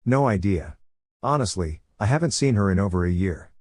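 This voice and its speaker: A man's voice: fairly low pitch, expressive, brisk, darkish tone, breathy edge, dry recording, studio quality. A man reading the lines of a goofy, cheeky old male ninja sage in a plain storytelling voice. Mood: playful.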